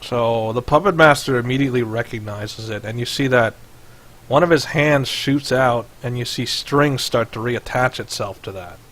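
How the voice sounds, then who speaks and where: A man's voice: mid-range voice, moderate pace, fairly bright tone. A man narrating as game master over voice chat in a loose, filler-heavy way. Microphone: headset or desk mic on voice chat.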